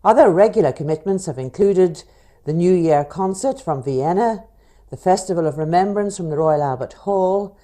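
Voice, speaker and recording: Low, mellow-voiced woman radio host. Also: normal speed. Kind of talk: radio interview.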